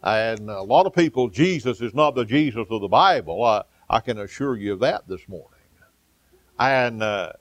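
Gravelly preacher man, fervent and rising. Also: a little high, dry recording. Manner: preaching, rising to fervent exclamations with frequent "uh" fillers; calls out amen and hallelujah to the congregation. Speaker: pastor. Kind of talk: sermon.

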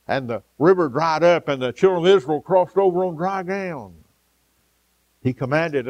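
A man preaching an evening sermon, with a rhythmic delivery that rises for emphasis and drops soft and low. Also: no room sound.

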